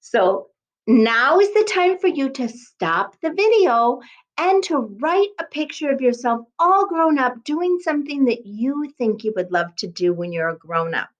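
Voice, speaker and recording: A woman teaching a kindergarten class by video, speaking slowly in a sing-song way and sounding out words letter by letter. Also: high voice, lively intonation, highs cut off. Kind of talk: remote lesson for young children.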